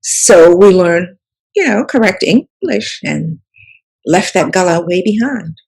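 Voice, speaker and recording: A woman's voice: fairly low pitch, lively intonation, slow pace, vocal fry, a little mellow, breathy edge, rough recording. A woman, reminiscing in a rambling interview style full of "you know" and restarts. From South Carolina Sea Islands. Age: 70s. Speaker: author and storyteller guest.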